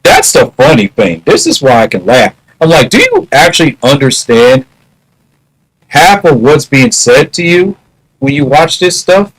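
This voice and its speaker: A man's voice: mid-range voice, very animated, measured pace, poor audio. A man musing in a casual vlog monologue, wry and half-joking. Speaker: vlogger.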